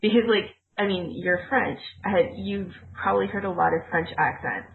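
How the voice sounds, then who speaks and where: A woman's voice: mid-range voice, normal speed, creaky. A woman co-hosting a casual chat, explaining points in a teacherly, rambling way with fillers. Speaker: podcast co-host, former ESL teacher. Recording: tinny phone-like line.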